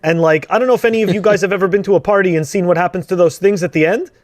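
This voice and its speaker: A man's voice: sits high, very fast, no room sound. A man co-hosting a live stream, cracking sarcastic jokes in casual chat. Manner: joking, sarcastic. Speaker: co-host.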